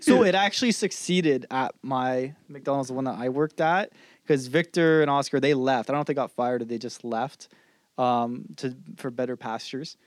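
A young man hosting a podcast, telling stories in animated casual chat. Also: mid-range voice, normal speed, dry recording. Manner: animated, laughing storyteller. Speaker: podcast host.

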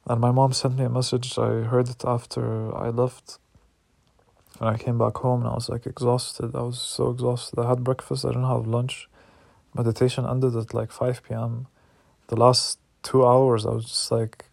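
A man's voice: medium pitch, little pitch movement, a little slow, vocal fry, dry recording. A man talking through raw anger and doubt in a personal reflective monologue, restarting his sentences and swearing often. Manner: raw, angry, searching, with repeated restarts and swearing.

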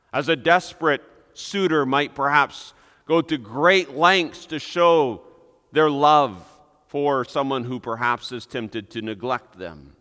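A man preaching a sermon as pastor, deliberate and emphatic, pressing on key words. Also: medium pitch, a bit bright, clear, resonant tone. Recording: long reverb of a church hall.

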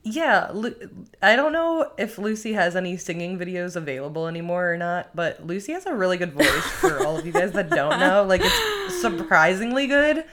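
A woman's voice: mid-range voice, big pitch swings, moderate pace, a bit bright. A young woman chatting on a podcast, rambling and reflective, leaning on lots of "like" fillers. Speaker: podcast co-host, YouTuber. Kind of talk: casual podcast chat.

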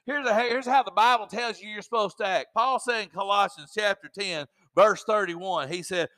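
A man's voice: high voice, normal speed, fairly bright tone. A man preaching a sermon in a fervent, exhorting way with folksy asides.

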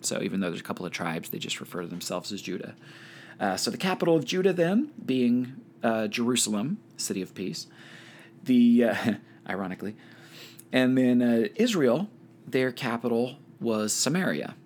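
A man at a middle pitch reads scripture aloud in an easy, unhurried voice. Between passages he drops into casual, wry comments, like a relaxed teacher talking a small study group through the text. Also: a little hiss or hum. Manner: relaxed and conversational, with wry offhand asides.

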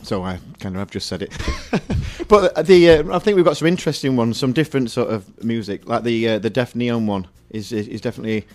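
Jokey radio co-host. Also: male voice, mid-range voice, expressive, brisk, darkish tone. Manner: jokey, rambling, laughs often. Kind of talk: casual chat between music plays.

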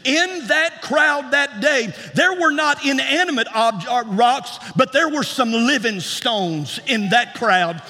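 High, bright-voiced preacher in a reverberant hall. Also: male voice, expressive, takes it slowly, hardly any pauses. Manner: rhythmic, rising to shouts, repeating words for emphasis. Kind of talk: sermon.

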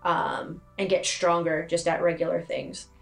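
Low-voiced woman coach, relaxed and plain-spoken; faint music under. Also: measured pace, creaky. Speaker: gym owner and strength coach. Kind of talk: casual podcast chat.

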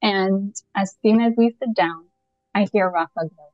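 Animated woman guest, laughing storyteller. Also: mid-range voice, measured pace, no echo. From Canada. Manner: animated, laughs often, acts out dialogue. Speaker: podcast guest. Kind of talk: casual anecdote telling. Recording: muffled lo-fi, faint music.

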